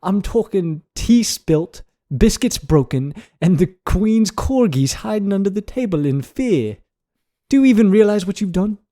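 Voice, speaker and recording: A man's voice: sits high, animated, unhurried, warm tone, pitched above the performer's own voice. A man voicing an exasperated male British news anchor in a put-on British accent, scolding someone in an over-the-top comic way on a podcast. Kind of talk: comedic accent challenge on a podcast.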